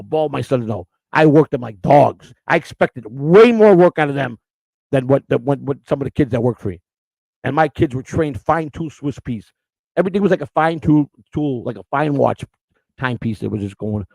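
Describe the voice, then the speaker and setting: A middle-aged man telling stories in a blunt, profane, casual way, with fast run-on sentences and restarts. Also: mid-range voice, lively intonation, gravelly, a little mellow, no echo, rough recording. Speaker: storyteller recalling his work. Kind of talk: casual storytelling.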